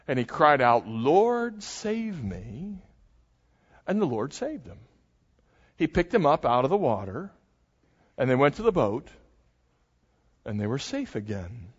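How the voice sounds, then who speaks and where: Older male pastor preaching in a reverberant church. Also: medium pitch. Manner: animated storytelling, dramatizing the scene. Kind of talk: sermon. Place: church sanctuary. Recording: muffled, long hall reverb.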